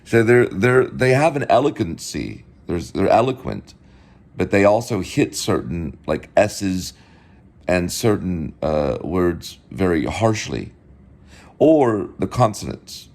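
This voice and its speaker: A man hosts a casual home video in a low voice, talking slowly and deliberately. His pitch swings widely as he lectures, repeating the same words again and again. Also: very animated, a little mellow. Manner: repetitive, lecturing, drills words over and over. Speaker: show host.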